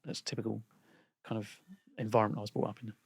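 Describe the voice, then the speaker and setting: A man speaking as a podcast guest, reflective and a bit hesitant, with frequent pauses and fillers. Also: lowish voice, little pitch movement, creaky, slightly rough, no echo, clean studio sound. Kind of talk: casual interview conversation.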